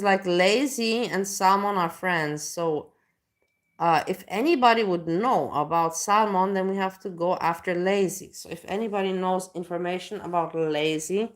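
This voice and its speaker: A young adult woman live streamer chatting casually, who swears often and gets worked up and emotional. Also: on the low side. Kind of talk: casual reaction chat.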